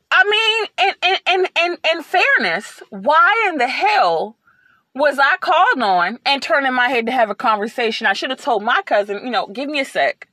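A woman hosting a podcast, telling a personal story in a casual, animated way and acting out the lines she quotes. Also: sits high, dry recording. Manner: animated, repeats words, acts out quotes. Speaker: podcast host.

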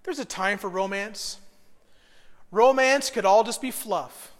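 A man preaching a sermon as a pastor. He talks conversationally, dropping to a hushed, earnest tone and then rising into loud bursts. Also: high-pitched, takes it slowly. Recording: long hall reverb.

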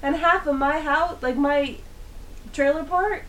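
A woman from California co-hosting a podcast, chiming in with quick jokes. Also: high-pitched, fairly even intonation, a bit bright, recorded from a distance, slight background noise. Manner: quick joking interjections. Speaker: podcast co-host. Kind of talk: casual chat. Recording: voice a bit off-mic.

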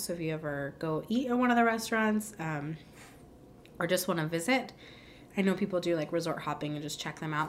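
A woman's voice: on the low side, a little hiss or hum. A young woman co-hosting a podcast in casual chat, rambling and chatty with lots of "like"s. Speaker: podcast co-host.

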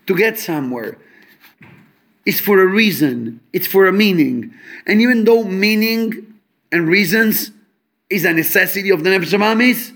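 A man giving an animated Torah talk at a fabrengen, explaining with homely examples and mixing English with Hebrew and Yiddish terms. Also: high-pitched. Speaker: Torah teacher. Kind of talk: fabrengen talk on Chassidic teachings.

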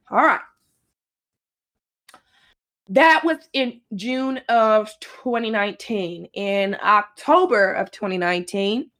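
A woman telling a casual story about her dating life, animated and profane, laughing often and breaking into high-pitched outbursts.

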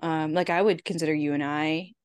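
A woman's voice: low voice, steady tone, a little fast, smooth, dry recording. A woman co-hosting a podcast, asking questions in a rambling, hesitant way with many fillers. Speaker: podcast co-host. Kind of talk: casual chat.

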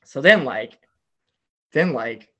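A man's voice: mid-range voice, slow pace, slightly rough. A young man, a guest on a talk show, telling a long, rambling story in a casual way, leaning heavily on the word "like". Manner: animated, rambling, heavy use of "like".

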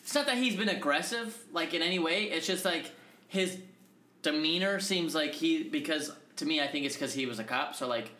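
A young man with a high, bright voice tells stories on a podcast, laughing and swearing as he acts out what people said. His pitch jumps around a lot. The room is roomy and echoey, with a faint hiss. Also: animated, moderate pace. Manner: laughing, profane storyteller who acts out quotes. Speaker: podcast co-host. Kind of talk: casual chat.

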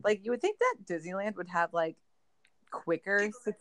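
Young woman co-host, mid pitch, dry close mic, laid-back and candid. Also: moderate pace, no echo. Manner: relaxed, casual, swears freely. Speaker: podcast co-host. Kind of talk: casual podcast chat.

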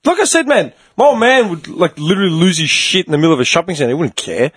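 A man's voice: fairly high pitch, expressive, fast talker, a bit bright, breathy edge. A man chatting casually on a podcast, blunt and swearing. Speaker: podcast co-host. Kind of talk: casual chat.

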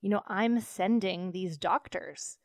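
A woman's voice: medium pitch, takes it slowly, vocal fry, no room sound, clean studio sound. A woman hosting a conversational interview, speaking in an empathetic, reflective way with many fillers. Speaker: podcast host.

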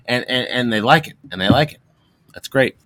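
A man's voice: mid-range voice, animated, brisk, bright, forceful tone, dry recording. A man co-hosting a podcast, telling rambling, crude stories in casual chat. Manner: rambling storyteller, profane and joking. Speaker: podcast co-host.

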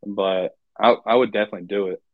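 A man's voice: on the low side, steady tone, fast talker, no room sound, phone-quality sound. A man from North Carolina speaking as a guest in a casual podcast interview. He talks in an easygoing, hesitant way with many fillers.

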